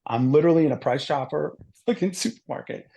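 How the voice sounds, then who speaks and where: A middle-aged man telling stories in a casual podcast chat, animated and full of swearing. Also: on the high side, fast, vocal fry. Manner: animated, profane storytelling. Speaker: podcast guest.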